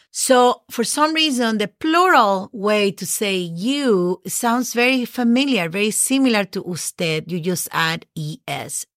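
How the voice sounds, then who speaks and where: A woman's voice: mid-range voice, no room sound, studio quality. A woman with a Spanish accent, a native Spanish speaker, teaching a casual language lesson, spelling out words and encouraging her listeners. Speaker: Spanish teacher, podcast host.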